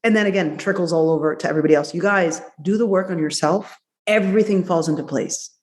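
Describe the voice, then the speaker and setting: A woman doctor, a guest on a podcast, talking in an effusive, playful way, quick in places and drawn out in others. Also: on the low side, a little mellow. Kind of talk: casual interview chat.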